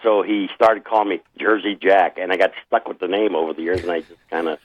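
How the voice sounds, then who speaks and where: A man's voice: deep voice, fairly even intonation, fast talker, no room sound, dull audio. A man in his seventies with a New York accent, a band singer telling stories in an easygoing way and repeating words as he goes. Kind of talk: casual interview chat.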